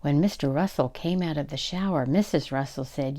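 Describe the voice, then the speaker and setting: An older woman reading a children's story aloud, expressive and giving the characters their own voices. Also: low voice, moderate pace, creaky, few pauses.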